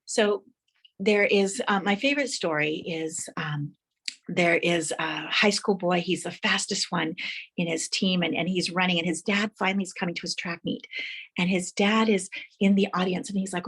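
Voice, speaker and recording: A woman's voice: lowish voice, moderate pace, fairly bright tone, slightly rough. A woman giving a motivational speech, telling vivid stories and guiding listeners to imagine their dreams. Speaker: motivational speaker.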